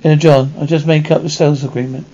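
A man acting in a 1980s TV action drama, trading brisk, gruff banter, heard on a dull lo-fi TV soundtrack. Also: a little high, level tone, mellow. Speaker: TV actor.

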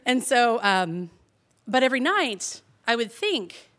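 Young woman, a touch high-voiced, animated live storyteller who laughs through her tale. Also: slow. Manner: chatty and animated, heavy on "like", laughs through the telling.

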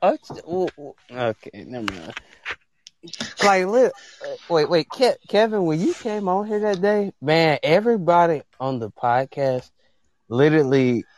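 A man's voice: fairly high pitch, expressive, measured pace, darkish tone, slight background noise, poor audio. A man on a casual podcast call, hesitant and often restarting his sentences. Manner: hesitant, laughing, stumbling starts.

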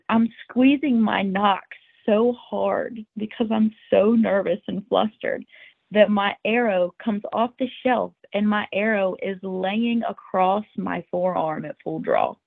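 A woman's voice: medium pitch, gravelly, no room sound. A woman guest on a podcast, telling a story in the first person in an earnest, emotional way, with tumbling restarts. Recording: tinny phone-like line, dry.

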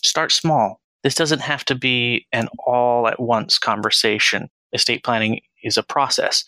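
Earnest man with a bright voice. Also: mid-range voice, fairly even intonation, no echo, low-quality recording. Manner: earnest and measured, reflective. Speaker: podcast guest, financial planner. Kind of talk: conversational interview.

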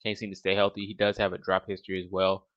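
A man co-hosting a casual sports podcast, weighing his picks in a measured way. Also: sits low, monotone, fairly bright tone, highs cut off. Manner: measured, weighs options with "definitely". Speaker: podcast co-host.

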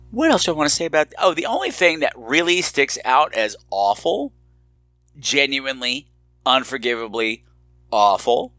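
Lively, bright-voiced male podcast host. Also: medium pitch, normal speed, no room sound. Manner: animated, playfully exaggerated. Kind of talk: casual movie review chat.

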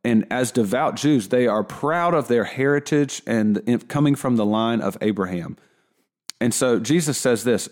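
A man teaching a Bible lesson in a conversational way, with frequent restarts and asides, slowing down to stress key points. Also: medium pitch, darkish tone. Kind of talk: casual teaching talk.

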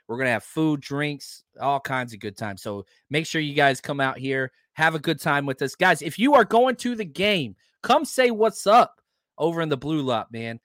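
A man hosting a sports podcast, talking casually and heatedly, swearing and jumping between loud outbursts and low, muttered asides. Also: dry recording, clean studio sound. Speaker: podcast host.

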